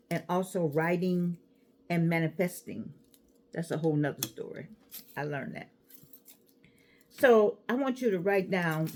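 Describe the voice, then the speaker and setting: A woman's voice: lowish voice, darkish tone. An older woman, chatting to camera and giving life advice in a sassy, digressive way. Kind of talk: casual chat to camera.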